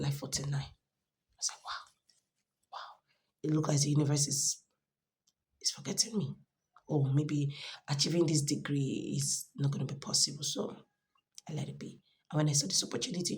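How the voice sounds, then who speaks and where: A woman with a Nigerian accent giving an earnest personal testimony, emphatic at times and sometimes dropping to a soft near-whisper. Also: deep voice, vocal fry. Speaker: student sharing her story.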